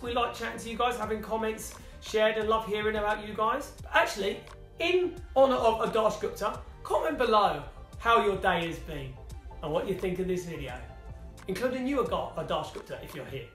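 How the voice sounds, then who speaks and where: A man's voice: high voice, a bit bright. A British man in a family vlog, casually reading comments aloud with dry, teasing humour. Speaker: family vlogger. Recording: echoey room, faint music.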